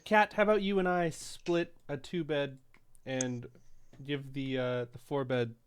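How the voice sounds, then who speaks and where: A man's voice: a little high, steady tone, a little slow, a little hiss or hum. A man playing a tabletop game, making wry, dry remarks. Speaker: player. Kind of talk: tabletop play chat.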